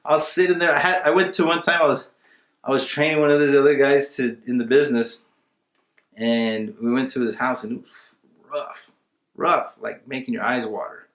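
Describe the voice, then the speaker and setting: This real estate investing instructor has a medium pitch, fairly even intonation, and a fairly bright tone, and he talks at a moderate pace. Teaching a casual webinar, he's emphatic and conversational, acting out seller dialogue in a reverberant space.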